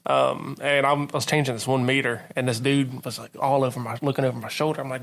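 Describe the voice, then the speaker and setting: A man's voice: medium pitch, fairly even intonation, fast talker, vocal fry, hardly any pauses, a bit bright. A man telling rambling, profane work stories in a casual podcast chat. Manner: rambling, profane, laughing anecdotes. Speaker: podcast guest, utility meter worker.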